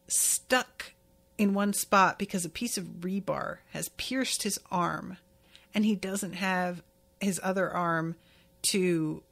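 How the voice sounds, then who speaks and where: A woman's voice: mid-range voice, vocal fry, fairly bright tone. A woman hosting a podcast, recapping an episode in a casual, candid way and swearing now and then. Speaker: podcast host.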